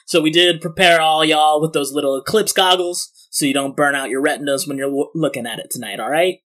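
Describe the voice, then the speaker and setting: Bright-voiced man running a tabletop game. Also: a little high. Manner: quick, chatty, laughs often. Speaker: game master.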